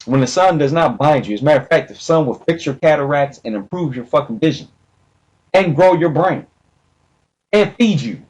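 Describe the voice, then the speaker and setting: Profane ranting man, fairly high voice. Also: lively intonation, low-quality recording. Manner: loud, profane, emphatic, swings between slow stresses and rushed bursts. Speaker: video commentator.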